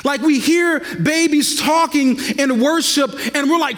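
A man preaching a sermon as pastor, swinging between loud passionate stretches and hushed, drawn-out lines. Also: extremely high pitch. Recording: long reverb of a large hall.

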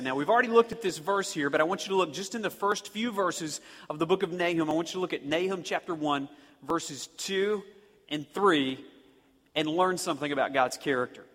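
High-voiced preacher in a reverberant hall. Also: male voice, a bit bright. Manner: dynamic preaching, slows and punches key words. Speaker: pastor. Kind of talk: sermon. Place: church sanctuary. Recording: long reverb of a church hall.

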